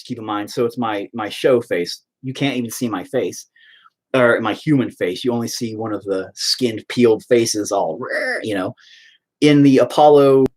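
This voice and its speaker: A man hosting his own online show, telling a story in a profane, sarcastic, rambling rant full of fillers. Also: medium pitch.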